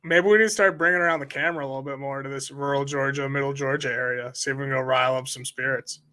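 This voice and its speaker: A man's voice: medium pitch, steady tone, quick pace, bright, forceful tone. A man co-hosting a casual podcast with easygoing, playful banter. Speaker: podcast co-host.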